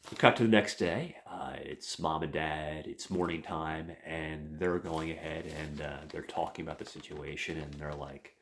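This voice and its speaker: A man's voice: a bass voice, steady tone, moderate pace, hardly any pauses, a bit bright, slight background noise. A man, a podcast host, retelling a comic book plot in a rambling, casual way with lots of fillers and swearing. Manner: rambling, profane, many fillers.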